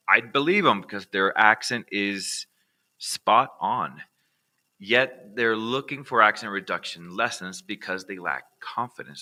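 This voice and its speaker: An American man teaching accent reduction in a relaxed, conversational way, often checking in with "all right". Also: lowish voice. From United States. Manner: casual, repeats "all right" as a check-in with viewers. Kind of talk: recorded online lesson.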